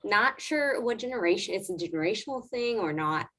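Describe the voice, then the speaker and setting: A woman's voice: mid-range voice, expressive, brisk, pushed and bright. A woman on a video call asking a question hesitantly, with many fillers.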